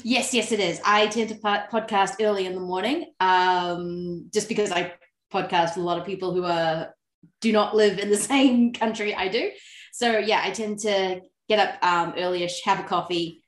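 A woman talks casually as a guest, bubbly and quick to laugh. Her voice sits in the middle for a woman and carries a roomy echo around it. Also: medium pitch. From New Zealand. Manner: giggly and chatty, laughs often. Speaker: podcast guest. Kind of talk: casual interview chat.

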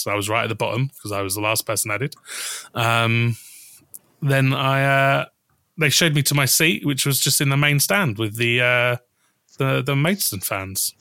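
Brief: man, podcast host, bright and dry close sound, rambling storyteller who restarts sentences and swears casually. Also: mid-range voice, no echo.

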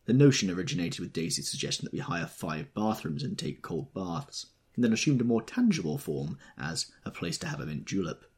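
Low, gravelly male audiobook narrator. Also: big pitch swings, a little fast, few pauses, a little mellow.

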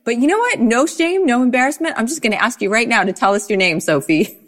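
A woman's voice: fairly high pitch, expressive, quick pace. A woman hosts a podcast and introduces her guest with gushing, effusive enthusiasm. She laughs often as she piles on praise. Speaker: podcast co-host.

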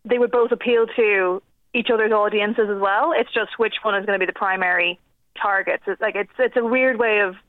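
A woman's voice: medium pitch, steady tone, brisk, no room sound. A young Irish woman guest, chatting animatedly about films and laughing often. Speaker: film news editor guest. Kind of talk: casual radio interview. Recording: tinny phone line.

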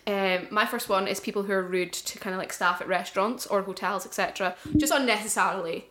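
A woman's voice: mid-range voice, fast talker. A young woman with a Scottish accent co-hosting a podcast, telling stories in casual chat and laughing often. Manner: laughs often, animated storytelling. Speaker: podcast co-host.

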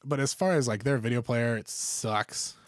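A man's voice: mid-range voice, moderate pace, dry recording, clean studio sound. Rambling male podcast co-host. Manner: rambling, lots of "like" fillers. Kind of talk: casual chat.

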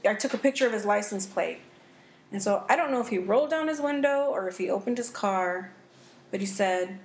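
A woman hosting a podcast in casual chat, telling stories in an animated, profane way. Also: a little high. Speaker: podcast host. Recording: echoey room with faint noise.

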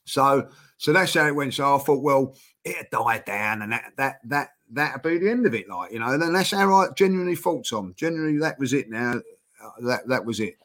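A middle-aged man talking as a guest in a relaxed interview. His voice sits at an ordinary pitch for a man. He rambles through the story, stumbling over his words and circling back to repeat himself. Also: fairly quick.

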